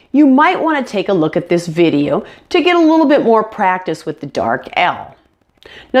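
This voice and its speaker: A woman gives an online pronunciation lesson at an unhurried pace. Her pitch moves a lot as she stresses syllables, and she models each word slowly and clearly for learners to copy. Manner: slow, clear modeling of words for learners to repeat. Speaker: English pronunciation teacher. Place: indoors, on camera.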